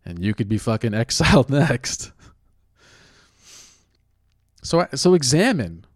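A man's voice: medium pitch, big pitch swings, normal speed, no echo, studio quality. A man ranting in a casual way, blunt and profane, stopping now and then to question himself. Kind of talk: casual rant.

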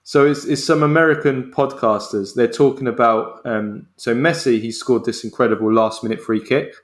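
A man's voice: mid-range voice, moderate pace. Rambling male podcast host, full of fillers. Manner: rambling, many fillers and restarts. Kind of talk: casual podcast chat.

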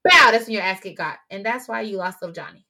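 A young adult woman co-hosting a casual podcast chat, blunt and animated as she tells stories. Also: medium pitch, fast, a crowd in the background. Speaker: podcast co-host.

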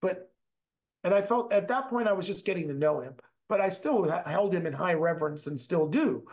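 A man with a high voice trades stories in a relaxed conversation. He talks in loose, animated bursts and swears freely as he rambles through his anecdotes. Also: brisk. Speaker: musician guest, bass player. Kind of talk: casual storytelling chat.

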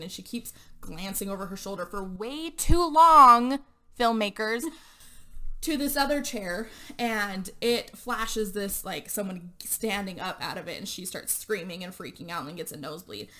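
Woman, podcast co-host, casual movie recap, rambling, filler-heavy, laughing along, mid pitch. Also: bright, forceful tone. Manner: chatty and rambling, heavy on "like" and "and stuff", laughing as she goes.

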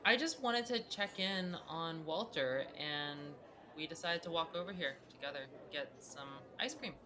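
A woman voicing a lively young Pikachu student. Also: sits low, normal speed. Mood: casual.

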